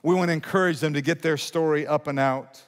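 Middle-aged guy preaching, kinda high voice, chatty w lots of restarts, big echoey church. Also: steady tone, brisk. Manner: conversational preaching with repeated restarts and asides. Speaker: pastor. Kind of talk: sermon.

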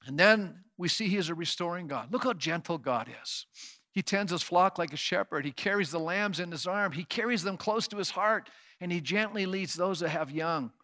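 A man's voice: high voice, normal speed, bright, forceful tone. A man pastor preaching a sermon, reading scripture aloud and then building to emphatic, repeated declarations, with rhetorical questions to his listeners. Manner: uses sound effects and asks the congregation questions.

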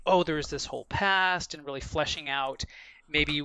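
A man's voice: fairly high pitch, normal speed, pushed and bright, a little hiss or hum. A man co-hosting a casual movie review chat, earnest and stammering through restarts.

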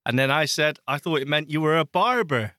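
A man's voice: on the high side, animated, a little fast, pushed and bright, no echo, studio quality. A man co-hosting a podcast, bantering and teasing in casual chat. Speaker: podcast co-host.

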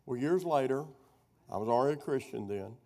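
Gravelly man preaching folksy stories. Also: medium pitch, lively intonation, brisk, mellow. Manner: rambling storyteller who loses his thread and doubles back. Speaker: preacher teaching a prophecy workshop. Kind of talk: folksy teaching sermon with personal stories.

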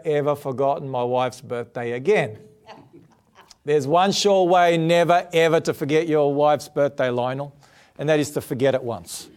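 Animated man preaching a sermon. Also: normal speed, smooth. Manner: animated storyteller, voices quotes with big pitch jumps. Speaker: pastor. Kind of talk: sermon with personal story.

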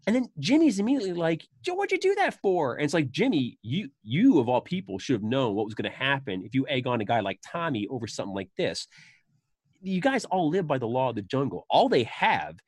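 A man hosting a laid-back podcast in a dry, close-miked sound, his voice sitting at an ordinary middle pitch. He talks casually and animatedly, jumping into high, excited impressions whenever he quotes a line. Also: a little fast, husky, no echo. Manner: animated, acts out quoted lines with sudden high bursts. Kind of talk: casual chat about a film.

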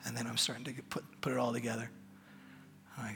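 Gravelly middle-aged pastor telling a story. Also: male voice, medium pitch, little pitch movement, sharp tone, a little hiss or hum. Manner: halting, self-deprecating, many fillers. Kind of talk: sermon storytelling.

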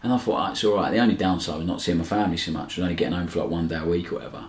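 Fast-talking low-voiced man. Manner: lively anecdotal storytelling, says "mate" often. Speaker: podcast guest, former footballer. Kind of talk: casual chat. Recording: echoey room.

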